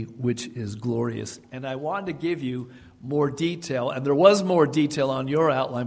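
A man preaching a sermon, emphatic and repeating key phrases for his congregation. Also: a little high. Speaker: pastor. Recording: long hall reverb.

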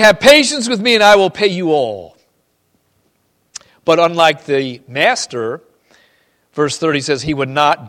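Preaching to a congregation, this male pastor reads scripture and alternates forceful emphasis with soft, intimate asides. His pitch is a little high.

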